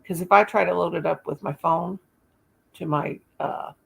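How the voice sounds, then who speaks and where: A woman's voice: fairly low pitch, steady tone, normal speed, vocal fry, husky. A woman hosting a casual live stream from home, rambling and chatting with viewers and often stopping to search for words. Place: home, in the dark with one light on.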